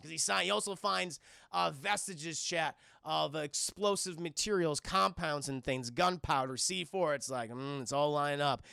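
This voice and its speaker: Here a young cartoon reviewer speaks at a moderate pace in a fairly high, gravelly voice, recapping an episode for his live chat. His delivery is animated and profane, and he keeps addressing the chat directly. There's no echo, just clean studio sound.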